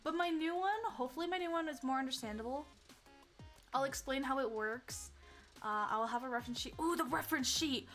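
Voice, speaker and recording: A young woman streaming casually, excitable and giggly, with lots of fillers and restarts. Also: high voice, fairly quick, soft background music. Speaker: VTuber streamer. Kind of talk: casual livestream chat.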